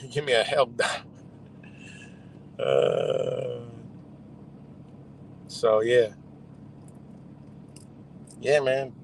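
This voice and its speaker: A man's voice: medium pitch, steady tone, very slow, gravelly, long pauses, slight background noise, low-quality recording. A man hosting a livestream, ranting in a heated, profane, rambling way with scattered laughs. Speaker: livestream host. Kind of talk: profane casual rant.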